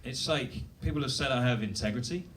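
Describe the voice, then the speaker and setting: A man's voice: mid-range voice, fairly quick, fairly bright tone, far from the mic, a little hiss or hum. A British man doing a self-deprecating stand-up set on a comedy club stage, rambling with fillers and restarts. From Britain.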